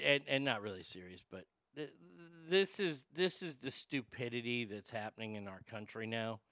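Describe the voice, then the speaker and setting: A man hosting a comedy show, ranting crudely and making a prank call, excitable, profane and full of stammered restarts. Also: medium pitch, smooth, no echo, clean studio sound.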